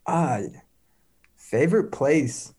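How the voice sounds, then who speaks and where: A man's voice: fairly high pitch, expressive, drawn-out words, a little mellow, slight background noise. Upbeat young man, rambling answers. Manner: rambling, heavy on "like" fillers, upbeat. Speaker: competing athlete, guest. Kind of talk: casual interview answers.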